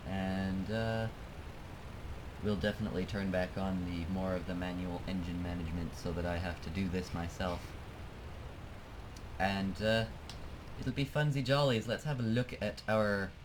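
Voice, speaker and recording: A man's voice: low-pitched, background noise. A man giving casual, self-mocking commentary while playing a flight game, laughing often. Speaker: let's play gamer.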